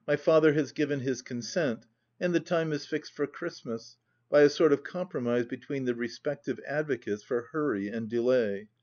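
Male audiobook reader, measured formal delivery, mid pitch, lo-fi recording. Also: a little mellow. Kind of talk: audiobook narration of a classic novel.

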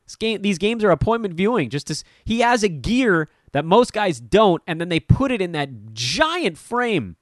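A man hosting a fantasy basketball podcast, talking casually in an animated, rambling, blunt and jokey way. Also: high voice, moderate pace, few pauses, dry recording, clean studio sound. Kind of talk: casual podcast talk with sponsor promo.

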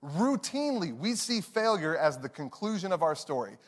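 Animated high-voiced man preaching a sermon. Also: moderate pace, hardly any pauses, big-room sound. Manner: animated, emphatic, repeats key phrases. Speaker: pastor.

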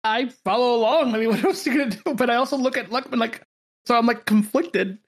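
A woman's voice: fairly high pitch, fast. A woman playing a tabletop role-playing game, talking hesitantly with frequent "like". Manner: hesitant, full of "like". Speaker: player.

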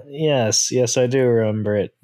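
A man's voice: medium pitch, normal speed, mellow. A man in casual podcast chat, sounding exasperated and complaining emphatically.

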